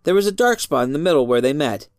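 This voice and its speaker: An expressive storyteller reading a tale aloud. The pitch moves a lot, rising and falling through the sentences. The recording is dry and close, with faint music underneath. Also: fast talker, no room sound. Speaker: narrator.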